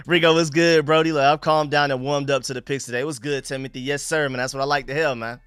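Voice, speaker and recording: A young man from North Carolina with a Southern accent, hosting a casual live stream from his room, animated and slangy, talking straight to his viewers. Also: on the high side, quick pace, hardly any pauses, clean tone, no room sound, soft background music. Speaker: sports live-stream host.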